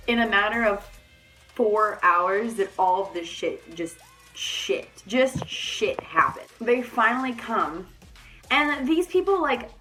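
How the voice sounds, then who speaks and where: A young adult woman telling a story in a casual vlog, animated and swearing freely. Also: mid-range voice. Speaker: vlogger.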